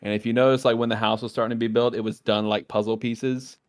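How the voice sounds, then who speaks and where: A man's voice: medium pitch, fast talker. A man on a podcast, recapping a TV episode in casual chat and acting out the characters' lines as he goes. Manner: animated, acts out characters' lines while retelling scenes. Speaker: podcast co-host.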